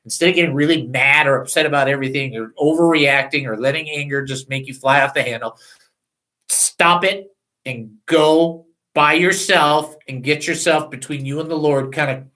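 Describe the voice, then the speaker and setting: A man's voice: medium pitch, pushed and bright, rough recording. A man hosting a radio show, teaching from the Bible in a candid, self-deprecating, chatty way.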